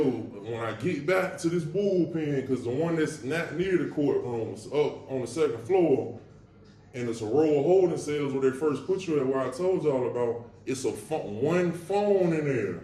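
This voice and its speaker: A man on his own show, telling a story from his past in a casual, slangy, profane way with wry humor about dark memories. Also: on the high side, lively intonation, normal speed, echoey room, far from the mic. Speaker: podcast host recounting his past.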